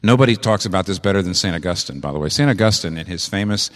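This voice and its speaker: A man preaching a sermon with an animated, emphatic delivery, repeating phrases for effect. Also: low-pitched, fast, big-room sound.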